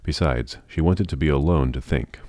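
A man narrating an audiobook in a steady storytelling manner. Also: a bass voice, normal speed, dry recording.

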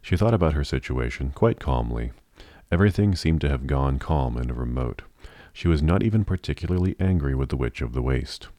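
A man narrating a novel in a measured, even storytelling manner. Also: a bass voice, no echo. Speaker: audiobook narrator.

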